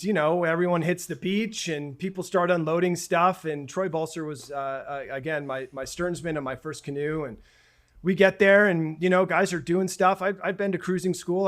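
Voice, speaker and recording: On a podcast, a guest in his forties with a voice on the high side shares a long story about himself. His telling is full of halts and fresh starts until he warms up and gets animated reliving each scene.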